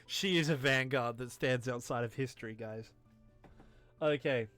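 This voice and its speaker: A man's voice: medium pitch, moderate pace, fairly bright tone, faint music behind. Tipsy, joking man playing a game. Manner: rambling, jokey, swears. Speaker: let's play host. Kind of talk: casual game commentary.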